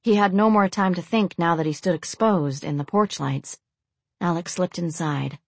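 A woman narrating a suspenseful story in a steady audiobook reading. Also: lowish voice, moderate pace, creaky, no echo.

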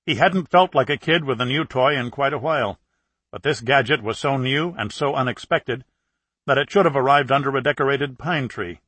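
A man narrating a thriller audiobook in a steady, even manner on a close mic. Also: medium pitch, moderate pace, husky, no room sound. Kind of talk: scripted narration.

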